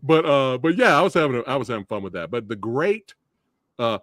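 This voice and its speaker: An excitable man hosts a casual movie discussion, laughing as he goes. His pitch swings a lot. The sound is close and dry, with no room in it. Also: fast talker, no echo. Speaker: podcast host.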